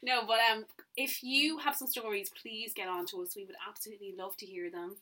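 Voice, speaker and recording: A woman's voice: mid-range voice, fairly quick, recorded from a distance. A woman from rural west of Ireland with a local Irish accent, co-hosting a podcast in casual chat, laughing and reacting as she talks. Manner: laughing, reacting, animated storytelling. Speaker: podcast co-host.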